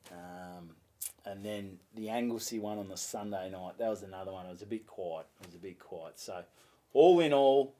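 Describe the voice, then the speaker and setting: An Australian comedian telling a lively story on a podcast, swearing and acting out other people's voices. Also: male voice, sits low, normal speed. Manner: animated, swearing, acts out voices. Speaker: comedian guest.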